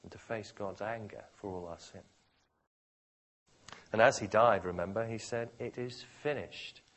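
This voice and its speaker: A man preaching a sermon, dramatically shifting between quiet, slow phrases and loud, forceful ones. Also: lowish voice, steady tone.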